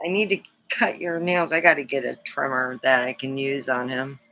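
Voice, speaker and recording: A woman's voice: a bass voice, fairly even intonation, normal speed, pushed and bright, slight background noise. A woman hosting a casual livestream, rambling affectionately and talking to her cat as she plays with it. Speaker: livestream host.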